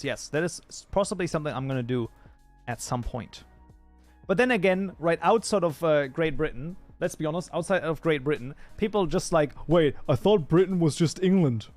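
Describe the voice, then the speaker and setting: Casual male livestream host at a desk mic, talkative and off-the-cuff, faint music behind. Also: on the high side. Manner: rambling, chatty, thinks aloud with fillers and restarts. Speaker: streamer reading chat. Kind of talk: casual livestream chat while modding a game.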